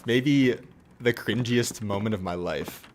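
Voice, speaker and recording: A man's voice: fairly low pitch, unhurried. A young adult man streaming, chatting casually in a rambling way, full of fillers and swearing and often laughing. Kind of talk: casual chat.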